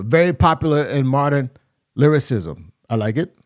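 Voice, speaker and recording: A man's voice: medium pitch, expressive, moderate pace, noisy background. A man hosting a music reaction video, chatting casually as he breaks down rap lyrics and scats rhythms to explain them. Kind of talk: casual rap critique commentary.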